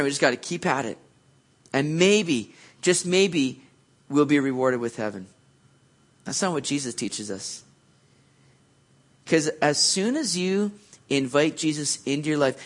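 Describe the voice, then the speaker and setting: A man preaching a sermon, telling the story with lively acted-out moments and earnest encouragement. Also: on the high side. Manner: animated storytelling, acts out quoted voices. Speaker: pastor.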